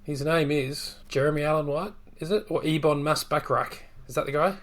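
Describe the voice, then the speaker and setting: A man's voice: on the high side, a little fast, fairly bright tone. A middle-aged man hosting a podcast, chatting casually and rambling enthusiastically about movies. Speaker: podcast host. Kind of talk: casual chat.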